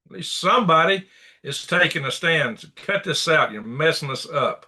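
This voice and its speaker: A man's voice: fairly high pitch, expressive, normal speed, pushed and bright, breathy edge. A man hosting a commentary show, reacting to clips with blunt, indignant rants and repeated insults. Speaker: news commentary host.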